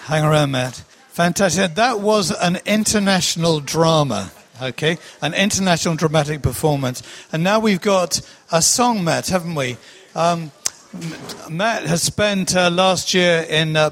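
A man's voice: a little high, a bit bright. Man announcing in a reverberant hall. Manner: hesitant, filler-heavy. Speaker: service leader. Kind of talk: casual announcing.

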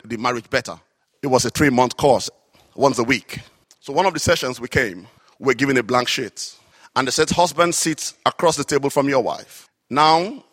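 A man preaching a sermon, telling stories with animated, drawn-out emphasis on key phrases. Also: mid-range voice, no room sound, studio quality. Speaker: works alongside a psychiatrist in an office.

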